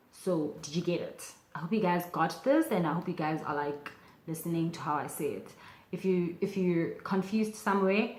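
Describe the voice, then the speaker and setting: A young woman talks through a casual online language lesson in a chatty, animated way, full of fillers and sudden bursts of excitement. Her voice sits fairly low for a woman. The sound bounces around an echoey room. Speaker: language teacher vlogger.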